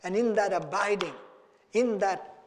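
High-voiced preacher in a reverberant hall. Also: male voice, unhurried, slight background noise. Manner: earnest, rising and falling for emphasis, acts out little dialogues. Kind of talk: sermon.

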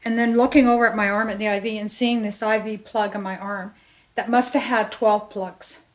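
A woman's voice: medium pitch, fairly even intonation, normal speed. A middle-aged woman sharing a personal testimony, telling her story with animation and acting out what people said. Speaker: church member sharing testimony.

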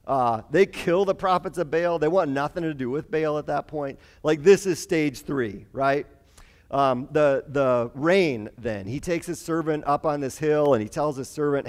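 A man's voice: on the high side, moderate pace. A man teaching a conversational Bible lesson, retelling stories animatedly with casual asides and fillers.

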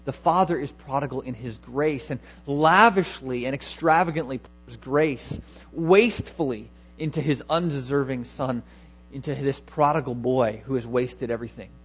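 A man's voice: mid-range voice, moderate pace, breathy edge, lo-fi sound. A man preaching a sermon, emphatic, repeating key words and asking rhetorical questions.

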